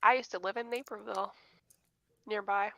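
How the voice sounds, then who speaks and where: A woman's voice: mid-range voice, steady tone, normal speed, gravelly, a bit bright, no room sound, highs cut off. A woman from Kentucky with a light Southern accent, hosting a casual chat and laughing often. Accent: light Southern American. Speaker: host.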